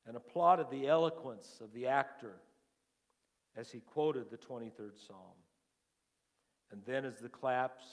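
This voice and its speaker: A man preaching a sermon as lead pastor, telling a story slowly, his phrases trailing off softly before rising to fervent emphasis. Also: medium pitch. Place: church sanctuary. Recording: long church-hall reverb.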